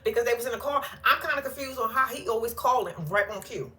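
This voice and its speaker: Hosting a laid-back reality TV recap, a woman talks quickly in a bright, forceful, fairly high voice. She reacts bluntly and animatedly, cursing plenty and laughing a lot.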